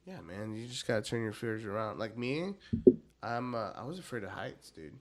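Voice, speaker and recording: Brief: comedian guest, male, loose profane storyteller with a lively, bouncing delivery. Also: moderate pace, heavy background noise. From South Texas. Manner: profane storyteller, acts out shrill quoted voices. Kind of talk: casual podcast chat.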